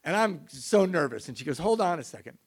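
A middle-aged man telling a self-mocking recovery story to an audience, in an animated way. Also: fairly high pitch, brisk, husky. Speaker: speaker sharing recovery story.

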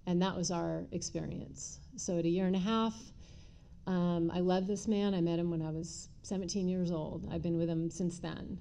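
A middle-aged woman candidly telling her own recovery story, with many pauses and fillers. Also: fairly low pitch, steady tone, vocal fry, mellow. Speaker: speaker sharing recovery story. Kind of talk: personal testimony talk.

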